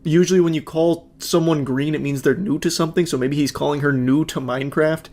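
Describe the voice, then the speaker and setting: A man's voice: a little high, steady tone, a little fast, few pauses, a little mellow. Sarcastic profane man reacting to texts. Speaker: commentary host. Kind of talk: reacting to text messages with commentary.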